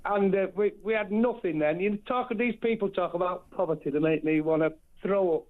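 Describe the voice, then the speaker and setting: A man's voice: high voice, fairly quick. Blunt man in his seventies on a tinny phone. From Salford, England. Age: 70s. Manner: blunt, chatty, chuckling. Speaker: caller. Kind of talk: radio phone-in chat. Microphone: telephone.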